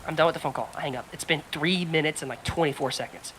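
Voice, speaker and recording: A woman chatting on a podcast with a bright, forceful voice. She tells a long work story in an animated, profane way, slipping into quick impressions of the people in it. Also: sits low, a little hiss or hum, low-quality recording. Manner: animated storyteller, heavy swearing, acts out quotes. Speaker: podcast co-host. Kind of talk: casual chat.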